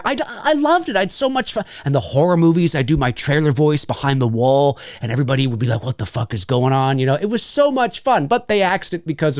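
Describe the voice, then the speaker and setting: A middle-aged man hosts a loose chat and spins animated stories, full of restarts. His voice sits a little high and swings widely in pitch. The sound is close and dry. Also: no room sound. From Canada. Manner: animated storyteller, many restarts and laughs. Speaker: host. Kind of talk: casual chat.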